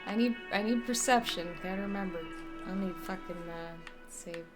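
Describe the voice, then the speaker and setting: A woman's voice: mid-range voice, moderate pace, music in the background. A woman streaming a game, chatting casually, laughing and swearing now and then. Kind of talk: casual gameplay commentary.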